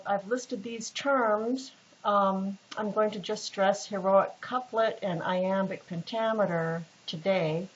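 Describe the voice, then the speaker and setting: A woman instructor giving a casual, patient recorded lecture with many fillers and restarts. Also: mid-range voice. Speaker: literature instructor. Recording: dull lo-fi recording with faint hiss.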